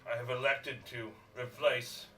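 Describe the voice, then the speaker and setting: A man playing a pompous cyborg loyal to his queen, with a halting, haughty delivery. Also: medium pitch, flat delivery, sharp tone, recorded from a distance, soft background music.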